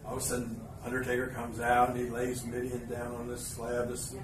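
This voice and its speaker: A man spins a loose, meandering story for a live crowd, stopping and restarting his sentences as he goes. His voice is mid-pitched and sits back from the mic in an echoey hall, with steady room noise around it. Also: fairly quick. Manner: rambling, filler-heavy anecdote with frequent restarts and asides. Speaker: podcast host. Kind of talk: storytelling before a live audience. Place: live event venue. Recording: roomy live venue, mic at a distance, background noise.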